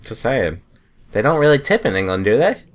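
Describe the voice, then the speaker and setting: A man's voice: medium pitch, big pitch swings. An American man co-hosting a casual group podcast over a remote call, teasing and laughing often. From United States. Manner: joking, quick to tease and laugh. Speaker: podcast co-host.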